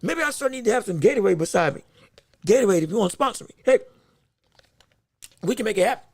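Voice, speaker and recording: A man hosting a solo podcast, talking in an excitable, rambling way, often repeating words, with a voice that is straining and going hoarse. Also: high voice, fast talker, no echo, studio quality. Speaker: podcast host.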